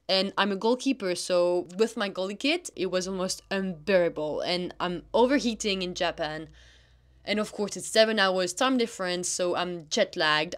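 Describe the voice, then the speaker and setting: A woman's voice: mid-range voice, fairly bright tone. Earnest young woman. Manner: earnest, encouraging, coaching tone. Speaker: podcast host, athlete. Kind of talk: solo podcast monologue.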